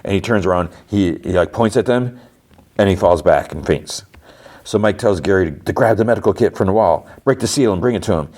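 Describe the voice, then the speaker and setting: Podcast host, man, middle-aged, very low voice, casual rambling recap. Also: a little fast. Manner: rambling, animated retelling with many fillers and restarts.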